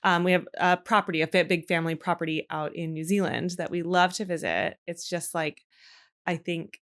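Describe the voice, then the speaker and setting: A woman's voice: on the low side, a little fast, fairly bright tone. A woman hosting a podcast, chatting casually and enthusiastically with her guest. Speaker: podcast host. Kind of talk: casual interview chat.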